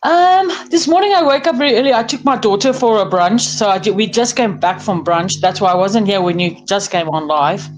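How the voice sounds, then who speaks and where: A woman's voice: medium pitch, animated, fairly quick, few pauses, rough recording. A woman from South Africa with a South African accent, chatting casually on a live stream from her bed, rambling and laughing often. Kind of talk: casual chat. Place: lying on her bed at home. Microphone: phone.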